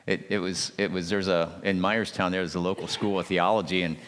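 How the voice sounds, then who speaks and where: Folksy low-voiced minister in a hall. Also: male voice, fairly even intonation, a little fast, fairly bright tone, slight background noise. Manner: folksy, anecdotal, teasing the audience. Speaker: ordained minister leading a marriage seminar. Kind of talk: conversational church seminar talk. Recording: reverberant hall sound.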